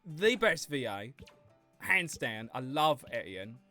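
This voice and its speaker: A gaming streamer chatting casually to viewers in an animated way, laughing often, at a home desk mic. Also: mid-range voice, takes it slowly, soft background music. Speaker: gaming livestreamer. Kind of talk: casual livestream commentary.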